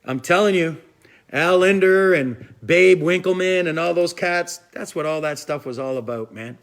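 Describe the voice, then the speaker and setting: A man's voice: on the high side, moderate pace. A man hosting a fishing live stream, chatting casually and rambling as he answers viewers' questions. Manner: rambling, chatty, repeats "I'm telling you".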